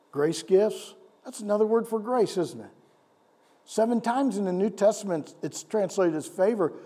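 A male pastor delivers an animated sermon, throwing rhetorical questions at the congregation and swinging between loud and hushed delivery. His voice is high and husky.

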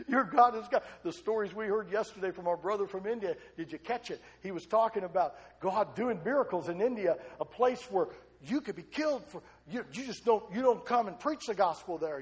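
Retelling a story from the pulpit, this preacher repeats phrases energetically and puts questions to his congregation, his voice sitting high.

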